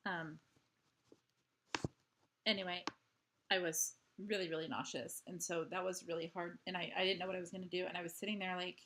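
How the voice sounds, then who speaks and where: Woman vlogging from home, kinda low voice, rambly w/ tons of likes and ums. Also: level tone, a little fast, pauses often, a bit bright, a little hiss or hum. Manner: rambling, full of "like" and "um" fillers. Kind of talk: casual diary-style chat.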